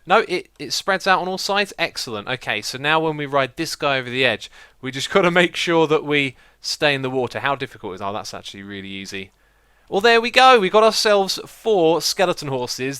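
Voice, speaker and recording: Upbeat male gameplay host, clear, crisp tone, chatty and quick to laugh. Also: mid-range voice, pushed and bright, no echo, studio quality. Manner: chatty, upbeat, laughs often, talks to his horses. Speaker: Minecraft video host. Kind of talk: casual gameplay commentary.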